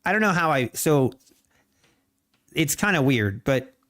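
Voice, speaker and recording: A man's voice: on the high side, very animated, a bit bright. A man hosting a casual trading livestream, rambling and correcting himself, then playfully defending his speech to chat. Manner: slow, rambling, self-correcting.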